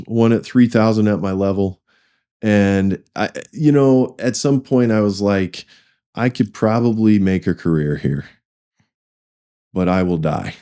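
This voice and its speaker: Deep, mellow-voiced man telling career stories. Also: smooth. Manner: rambling, restarts often, acts out quoted dialogue. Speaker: guest, finance executive. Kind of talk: conversational interview storytelling.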